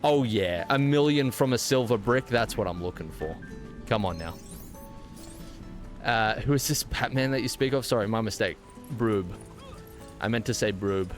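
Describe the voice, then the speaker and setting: A man's voice: lowish voice, moderate pace, pauses often, soft background music. A man with an Australian accent streaming a game, chatting casually and playfully with a mock-indignant edge. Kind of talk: casual live-stream chat while gaming.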